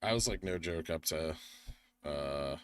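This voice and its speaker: A man's voice: a bass voice, lively intonation, measured pace. A tired young man from the United States hosting a live stream, rambling casually while he reads the chat and the charts. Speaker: livestream host.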